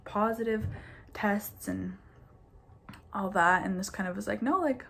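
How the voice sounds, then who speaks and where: Young woman vlogger, twenties, casual storytime delivery, filler-heavy, mid-pitched voice. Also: flat delivery, measured pace, vocal fry, a bit bright, breathy edge. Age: 20s. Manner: chatty, says "like" constantly, laughs between bits.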